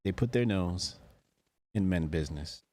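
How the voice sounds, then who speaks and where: A man's voice: low voice, expressive, measured pace, dark tone. A man hosting a casual talk show, bantering with his co-host and teasing her provocatively. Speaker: podcast host. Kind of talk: casual chat.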